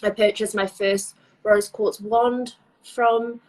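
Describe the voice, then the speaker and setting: A woman's voice: medium pitch, steady tone, slow, darkish tone, rough recording. A woman hosting a live online chat, talking in a gushing, effusive way full of fillers. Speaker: host of a live interview series. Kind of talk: casual chat on a live stream.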